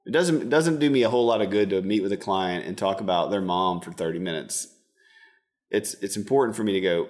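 A counselor man with a fairly low voice talks in a relaxed interview. He rambles earnestly, restarts his sentences, and acts out the dialogue he describes. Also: fairly quick. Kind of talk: casual interview talk.

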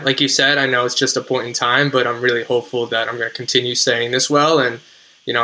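Bright-voiced young New Jersey man. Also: medium pitch, low-quality recording. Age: 20s. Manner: earnest, measured storytelling with fillers like "like". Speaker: podcast guest. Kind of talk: podcast interview.

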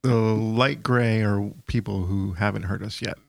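A man co-hosting a podcast, dropping short, quiet asides into the chat. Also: lowish voice, fairly even intonation, unhurried, vocal fry, no echo.

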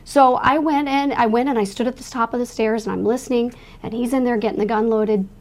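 A woman's voice: fairly high pitch, fairly even intonation, brisk, darkish tone. A woman earnestly telling a frightening personal story as a faith-minded testimony. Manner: earnest, emotional retelling of a frightening night; speaks with religious faith.

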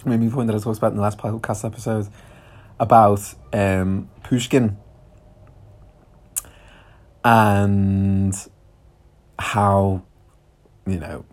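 A man's voice: lowish voice, darkish tone. A man with a Scouse accent telling a story on his podcast in a chatty way, laughing often and swearing casually. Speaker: podcast host.

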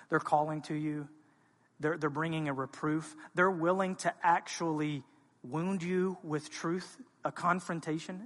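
Impassioned male pastor in a reverberant church. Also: a little high. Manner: impassioned preaching that swings between quiet and loud. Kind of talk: sermon. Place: church sanctuary.

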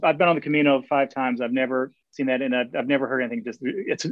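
A man talking fast and eagerly as an interview guest, stumbling over his words and restarting often. The sound is dry and a little dull, like a lo-fi recording. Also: medium pitch, fairly even intonation, dry recording. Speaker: guest, Camino walker and author. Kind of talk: casual interview storytelling.

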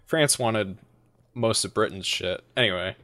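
A man's voice: lowish voice, a little slow, pushed and bright, dry recording. An American man in crude, casual podcast chat, rambling and mocking with lots of fillers and swearing.

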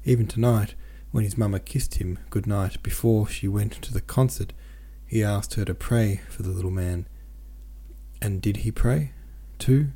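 A man reading a novel aloud as a podcast host, in a gentle, even storytelling manner with soft voices for the characters. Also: on the low side, moderate pace, slightly rough. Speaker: audiobook reader.

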